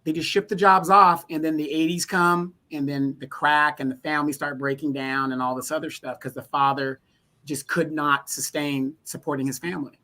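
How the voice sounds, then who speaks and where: A man's voice: on the high side, level tone, normal speed, bright, forceful tone. A man co-hosting a casual discussion, explaining points at length with frequent restarts.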